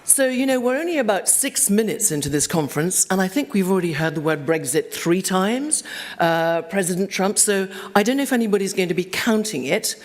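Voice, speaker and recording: A woman's voice: mid-range voice, animated, a little fast. A bilingual French and English woman moderating a conference in a chatty, witty, self-deprecating way. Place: large conference hall. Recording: long reverb of a conference hall.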